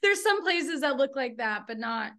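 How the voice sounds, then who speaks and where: A woman author and professor interviewing a fellow writer over a video call, talking quickly and effusively, laughing often. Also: high-pitched, animated, a bit bright. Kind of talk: virtual book launch conversation. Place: home in Texas.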